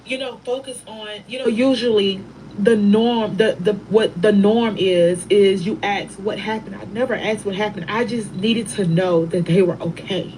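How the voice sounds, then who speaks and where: A middle-aged woman telling a painful personal story in a soft, halting way, pausing and restarting often. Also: mid-range voice, steady tone, slight background noise, low-quality recording. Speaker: bereaved mother telling her story.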